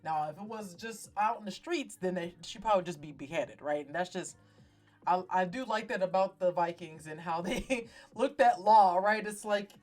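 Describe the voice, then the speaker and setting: Profane, animated woman retelling a show. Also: fairly low pitch, moderate pace, faint music behind. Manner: profane, slangy, dramatic storytelling. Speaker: talk show host. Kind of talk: casual animated TV recap.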